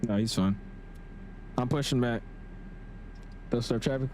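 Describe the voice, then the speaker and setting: A man's voice: mid-range voice, measured pace, long pauses, darkish tone, slight background noise. Laid-back young man streaming a flight sim. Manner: laid-back, chatty, slangy, reads chat aloud. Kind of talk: casual live-stream commentary.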